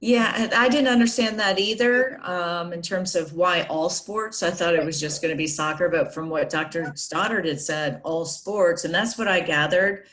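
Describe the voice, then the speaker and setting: A woman's voice: fairly low pitch, normal speed, few pauses, a bit bright. A woman youth soccer coach chatting on a video call, rambling with frequent restarts and laughing as she talks. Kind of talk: casual video call meeting.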